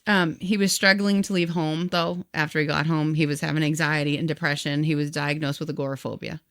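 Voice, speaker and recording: A woman with a notably low voice tells a long story in casual podcast chat. She acts out the people in it by quoting them in their own words, and keeps the account moving. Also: fairly even intonation, fairly quick, no echo, studio quality. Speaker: podcast co-host.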